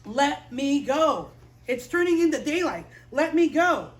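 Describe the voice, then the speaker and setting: A woman voicing a calm, firm divine man in a Bible story for children, speaking slowly and reassuringly. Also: high voice, far from the mic. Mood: urgent.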